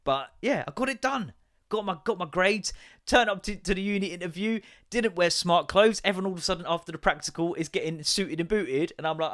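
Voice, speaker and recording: A man's voice: sits high, fast. Rambling English man hosting a podcast. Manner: rambling, swearing, animated storytelling with put-on quoted voices. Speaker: podcast host. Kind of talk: casual solo chat.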